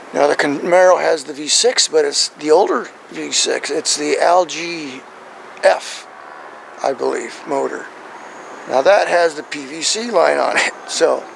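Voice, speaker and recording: Man, gravelly, rambling, keeps asking "right?", casual how-to, outdoors, faint background noise. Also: fairly high pitch, a bit bright, poor audio. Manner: rambling, checks in with "right?" and "okay?". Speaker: truck owner showing his engine.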